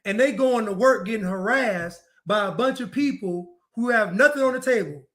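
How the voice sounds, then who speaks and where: A man's voice: sits high, moderate pace, fairly bright tone. A man giving a preachy, mocking monologue, repeating phrases for emphasis and acting out other people's lines. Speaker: commentator. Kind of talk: monologue commentary.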